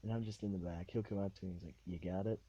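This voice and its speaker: A man's voice: low-pitched, fairly even intonation, rapid-fire, mellow, highs cut off, slight background noise. A man hosting a solo podcast, talking in a rambling, laid-back way full of fillers, recorded on a tablet. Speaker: podcast host.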